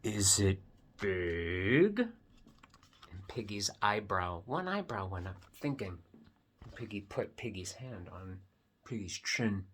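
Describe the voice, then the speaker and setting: A man reading a picture book aloud to children, gently explaining what is on each page. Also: fairly low pitch, lively intonation, slow, long pauses, a little hiss or hum. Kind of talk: read-aloud storytime for kids.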